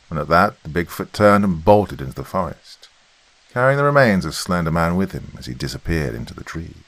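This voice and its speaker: A man narrating a scripted horror story in a steady, measured way. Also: low-pitched, low-quality recording.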